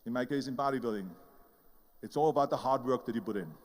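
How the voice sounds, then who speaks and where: A man's voice: medium pitch, fast, in a large hall. An older man with an Austrian German accent giving an emphatic motivational speech, telling his story and acting out the voices of the people in it. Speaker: motivational speaker.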